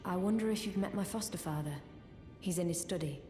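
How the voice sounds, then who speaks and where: An actress playing a reserved young female warrior in video game dialogue, speaking calmly. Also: on the low side, a little fast, faint music behind, lightly acted. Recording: quiet game audio with reverb.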